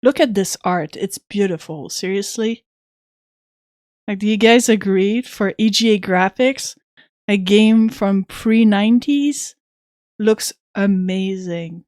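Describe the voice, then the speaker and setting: A woman's voice: medium pitch, slow pace, darkish tone, no echo, clean studio sound. A woman chatting casually with viewers while streaming an old computer game, reading its text aloud now and then.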